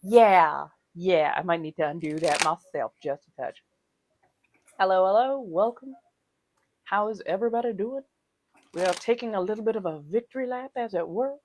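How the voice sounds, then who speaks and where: A woman's voice: medium pitch, normal speed, darkish tone, a little hiss or hum. A woman hosting a casual livestream, chatting with viewers, laughing often and calling them darlings. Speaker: livestream host.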